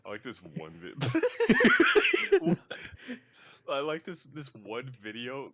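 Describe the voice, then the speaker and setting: A man's voice: medium pitch, wildly swooping pitch, drawn-out words, sharp tone. A man co-hosting a podcast in casual chat, telling stories animatedly and mimicking people. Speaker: podcast co-host.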